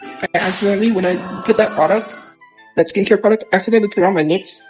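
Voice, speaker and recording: A man's voice: sits high, fast, over music, rough recording. A young man on a phone livestream chatting casually and talking back defensively to viewer comments in a rambling way.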